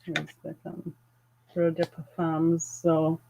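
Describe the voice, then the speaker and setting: A woman hosting a live fragrance chat, gushing with excitement and greeting viewers by name. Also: low-pitched, slow pace, vocal fry, muffled recording. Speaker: fragrance channel host.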